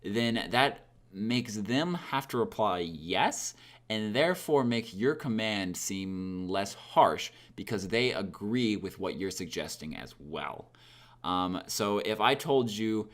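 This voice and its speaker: Casting: young male teacher, lowish voice, relaxed and chatty, plenty of ums, acts out example lines. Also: slow pace. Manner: conversational, many fillers, acts out example lines. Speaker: language teacher. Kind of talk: casual explanatory lesson.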